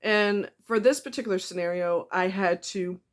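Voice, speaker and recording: A woman vlogger speaks in a personal confessional style, her throat tight and her voice emotional. She talks haltingly, with frequent ums and restarts, and swears bluntly. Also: medium pitch.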